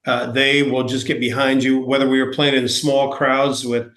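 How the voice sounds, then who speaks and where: A man's voice: mid-range voice, little pitch movement, moderate pace, a bit bright. A man from New York with a New York accent, telling stories as a guest in a casual interview, rambling and self-deprecating with many fillers and restarts. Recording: echoey room.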